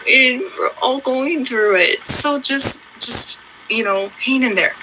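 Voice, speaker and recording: A woman's voice: sits high, slow, sharp tone, a little hiss or hum, rough recording. A woman hosting her own channel, chatting casually and earnestly to her viewers in a rambling, reassuring way. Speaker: channel host. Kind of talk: casual heartfelt chat to viewers.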